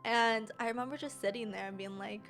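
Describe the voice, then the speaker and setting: A young woman streamer telling a personal story casually, animated and slangy, often laughing. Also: fairly high pitch, a little fast, soft background music.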